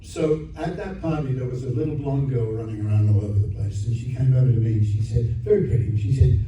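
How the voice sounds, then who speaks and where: A man's voice: mid-range voice, fast talker, dark tone. Older Australian man in a very echoey hall. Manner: chatty storyteller with frequent restarts, acting out other people's lines. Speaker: guest actor at a fan convention. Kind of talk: anecdotal Q&A storytelling. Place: convention hall. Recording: very echoey hall from far off, dull and noisy.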